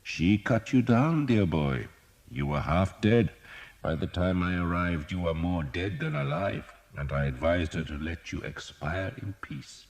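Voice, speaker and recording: A man voicing a cheerful, sardonic old male doctor who teases slowly and deliberately. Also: sits low, pitched above the performer's own voice. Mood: wry. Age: older. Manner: wry, teasing, slow and deliberate.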